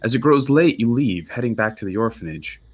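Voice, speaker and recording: A man narrating as game master for a tabletop game, relaxed and halting with frequent fillers. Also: medium pitch.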